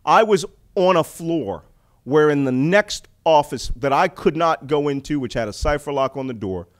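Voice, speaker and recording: Middle-aged American man, speaker at a public talk, higher pitch for a man, very lively, punchy rhetorical delivery. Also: moderate pace. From United States. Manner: animated, rhetorical questions, laughs at own jokes. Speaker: speaker on intelligence.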